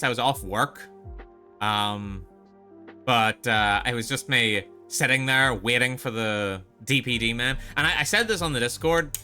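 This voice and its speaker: Man, streamer, casual rant, profane, bright tone, faint background music. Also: mid-range voice. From Netherlands. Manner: profane, exasperated, lots of restarts.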